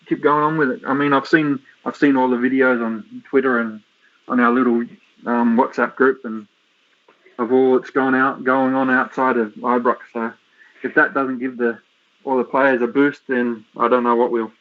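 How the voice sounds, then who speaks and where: A man calling into a fan show, relaxed and reflective, speaking with feeling. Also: medium pitch, moderate pace. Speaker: caller. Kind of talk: casual call-in chat. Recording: lo-fi online call audio.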